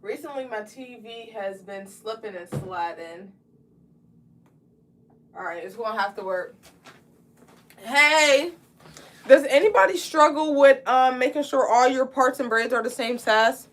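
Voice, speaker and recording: High-voiced woman chatting on a livestream. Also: unhurried, long pauses, slight background noise. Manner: chatty, greets viewers by name, eats candy while talking. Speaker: braiding livestream host. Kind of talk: casual livestream chat.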